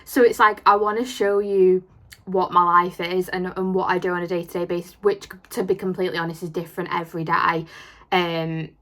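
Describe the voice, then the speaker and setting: A woman's voice: on the low side, little pitch movement, fairly quick, a bit bright. A young woman, an online fitness coach, chatting casually to camera at home in a rambling way that repeats itself. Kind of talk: casual vlog chat.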